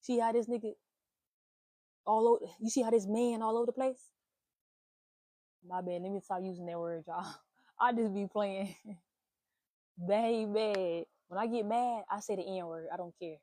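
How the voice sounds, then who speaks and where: Animated, blunt woman with a mellow voice. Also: mid-range voice, normal speed, pauses often, no room sound. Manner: animated, swearing, playful exclamations. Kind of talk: casual spiritual reading monologue.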